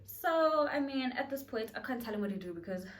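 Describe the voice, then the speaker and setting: A woman's voice: a little high, a little fast. A young woman telling a storytime on her vlog, chatty and dramatic. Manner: dramatic, chatty, animated retelling with acted quotes. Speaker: beauty vlogger. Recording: voice a bit far from the mic.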